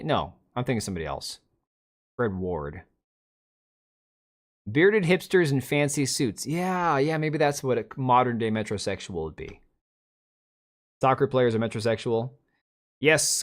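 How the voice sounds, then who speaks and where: A man in his thirties hosting a casual livestream from a home setup with a desk mic. He rambles and opinionates bluntly, restarting sentences and answering the chat, at an ordinary mid pitch. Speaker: livestream host.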